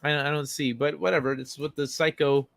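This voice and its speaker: A man's voice: fairly high pitch, flat delivery, fast, gravelly, a bit bright, no echo. A man hosting a casual livestream, reading an article and chat messages aloud and chatting loosely with frequent fillers and the odd swear word. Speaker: livestream host.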